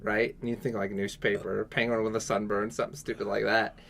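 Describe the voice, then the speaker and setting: A man co-hosting a podcast, telling stories in a relaxed casual chat that often trails off low. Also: fairly quick, vocal fry. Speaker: podcast co-host.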